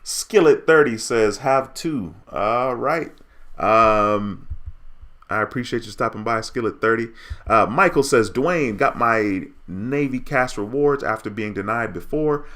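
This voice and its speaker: A man's voice: medium pitch, lively intonation, unhurried, fairly bright tone. A man hosting a casual livestream, reading viewer comments aloud in an upbeat way. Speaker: livestream host.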